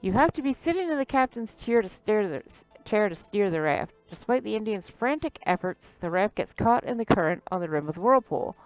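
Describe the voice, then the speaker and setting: A woman's voice: medium pitch, big pitch swings, a little fast, few pauses, no room sound, faint music behind, low-quality recording. A woman reading an adventure game's text aloud and chatting about it casually, now and then stumbling over names. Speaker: let's play host.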